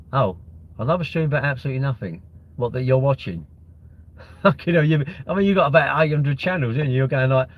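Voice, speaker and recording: A man's voice: medium pitch, highs cut off. A young man hosting a casual livestream, reading out comments and bantering with sarcastic, rambling jokes. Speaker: livestream host.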